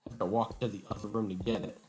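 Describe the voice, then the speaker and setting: A man's voice: on the low side, little pitch movement, racing, darkish tone. A man streaming from home and chatting casually, joking at his own expense, his voice garbled and robotic-sounding from a faulty microphone. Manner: joking, sarcastic self-mockery. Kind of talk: casual livestream chat. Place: home room. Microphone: faulty desk microphone. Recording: noisy, glitchy home mic.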